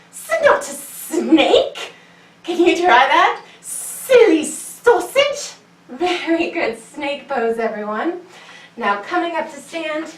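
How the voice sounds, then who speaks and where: A woman's voice: high-pitched, echoey room, distant mic, low-quality recording. A woman teaching a children's yoga class, telling a story in a playful, sing-song way while guiding poses.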